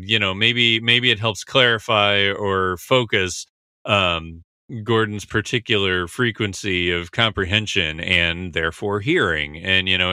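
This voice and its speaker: Bright, crisp-voiced rambling podcast host. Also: male voice, on the low side, no room sound. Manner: rambling, heavy on fillers. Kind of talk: casual podcast episode discussion.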